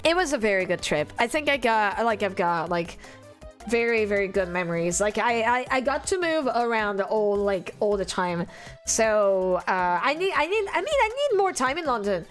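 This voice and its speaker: A woman's voice: mid-range voice, sing-song, moderate pace, faint music behind. A young French woman with a French accent, rambling and giggly as she chats on a live stream and reads chat aloud. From France.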